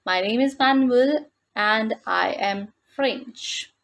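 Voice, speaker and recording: Woman teaching French slowly, gravelly voice. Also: on the high side, a bit bright. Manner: slow and deliberate, repeats words in French then English. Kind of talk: explaining a textbook lesson.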